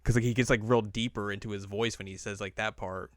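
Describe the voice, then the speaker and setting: A man's voice: lowish voice, fairly even intonation, fast, dry recording, studio quality. A man co-hosting a podcast, talking casually and jokingly about anime with lots of fillers. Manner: easygoing, jokey, filler-heavy. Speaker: podcast co-host.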